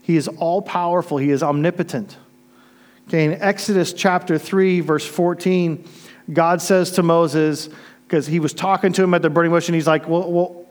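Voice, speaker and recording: Earnest preacher with a higher voice. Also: male voice. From Florida. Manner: earnest storytelling, swinging from emphatic to hushed. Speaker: pastor. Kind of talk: sermon.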